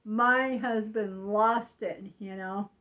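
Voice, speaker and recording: An older woman talking slowly and rambling in a confiding way, with frequent fillers. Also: medium pitch, fairly even intonation, sharp tone, dull audio. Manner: slow, rambling, confiding, with frequent "you know". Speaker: vlogger. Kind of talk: casual monologue.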